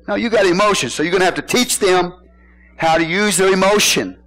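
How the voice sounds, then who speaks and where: Pastor, middle-aged man, slightly high voice; folksy sermon with call-and-response and shouted emphasis. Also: fast talker, poor audio. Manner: preaches with call-and-response questions to the congregation; casual folksy phrasing, bursts into shouted emphasis.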